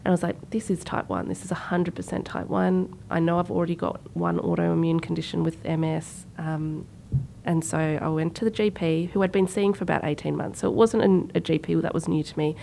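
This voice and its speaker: Woman, thirties, podcast co-host; low, slightly fried voice, chatty storyteller who acts out quotes. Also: fairly even intonation, brisk, gravelly, few pauses, mellow, slight background noise. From Sri Lanka. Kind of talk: casual conversational storytelling.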